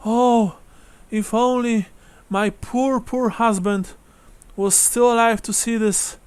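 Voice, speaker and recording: A man's voice: very high voice, steady tone, slow pace, a little mellow, dry recording, voice pushed up. A man voicing a frail, wounded old widow who is sweet and effusive, sighing "oh" often. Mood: grateful. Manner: breathy exclaiming "oh"s, sweet and effusive.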